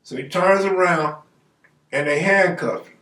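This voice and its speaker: A man with a fairly high voice tells true stories in a loose, slangy way and acts out the voices of the people in them. He sounds a little away from the mic. The room adds a noticeable echo. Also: a little slow, a bit bright. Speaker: storyteller host. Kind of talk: casual true-story telling. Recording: roomy, distant mic.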